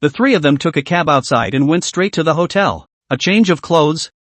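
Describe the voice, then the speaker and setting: A man narrating a comic story recap in a lively, animated reading. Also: on the high side, normal speed, no room sound.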